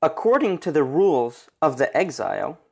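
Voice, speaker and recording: A man narrating a religious history story in an earnest, steady retelling. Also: on the high side, normal speed, gravelly, breathy edge.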